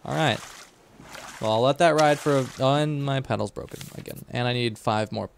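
A man's voice: medium pitch, normal speed, creaky, slight background noise. A man streaming a game live, chatting and joking with his co-player and chat. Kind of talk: casual livestream gaming chat.

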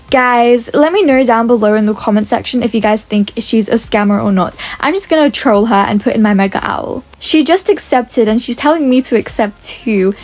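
Woman, gaming-channel host, higher register; chatty play-by-play that reads out chat messages. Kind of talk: gameplay commentary.

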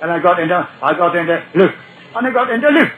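An older man preaching a sermon, telling his own conversion story in a folksy way and quoting scripture slowly. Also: sits high, animated, a bit bright, rough recording. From Ireland. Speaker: evangelist. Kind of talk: old recorded sermon testimony.

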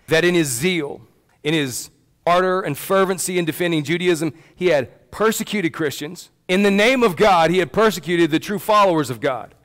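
Man, pastor, preaching, emphatic, chatty asides, slightly high voice. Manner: emphatic, conversational, addresses congregation by name. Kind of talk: sermon. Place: church.

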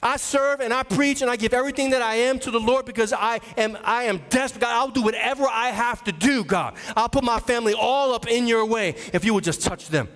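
A man's voice: very high-pitched, brisk, hardly any pauses, fairly bright tone. A man, an associate pastor, preaching a sermon with impassioned, pleading fervor. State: emotional, voice dropping low. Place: church sanctuary. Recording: long reverb of a church hall.

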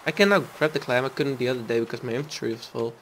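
A man's voice: mid-range voice, racing, fairly bright tone, a little hiss or hum. A man giving casual gameplay commentary as a let's play host, reading in-game dialogue aloud and chatting back to it.

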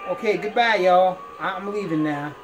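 A man's voice: high-pitched, normal speed, background noise. A man giving playful let's-play commentary, laughing often as he talks. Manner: playful, laughs often, folksy drawl-like phrasing. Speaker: gamer.

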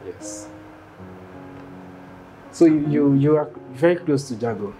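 Guy doing a flirty dude, coaxing, stumbling over words, guitar music loud behind. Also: on the high side, animated, takes it slowly, poor audio. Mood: flirting. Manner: smooth, coaxing, hesitant.

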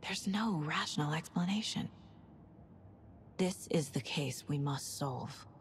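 A calm female FBI agent. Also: sits low, slight background noise. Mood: analytical. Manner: calm, reasoning, deliberate.

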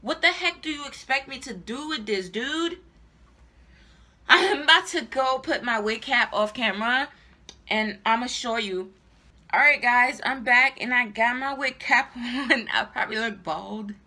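A woman's voice: on the high side, measured pace, pushed and bright. A young adult woman giving a casual, exasperated product review to her viewers, repeating herself and swearing. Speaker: hair reviewer vlogger.

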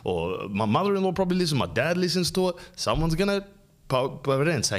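A man's voice: fairly high pitch, sing-song, fast talker. An Australian man hosting a podcast, telling rambling comic stories and swearing freely. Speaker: podcast host. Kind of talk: comedic storytelling.

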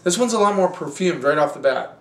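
A man hosting a wine show, tasting and reviewing wines in a relaxed, rambling, conversational way. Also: fairly high pitch, brisk, reverberant, recorded from a distance.

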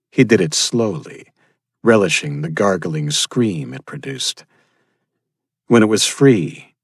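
A man narrating a thriller audiobook in a steady, grim storytelling manner. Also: sits low, husky, no room sound, studio quality. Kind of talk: scripted narration.

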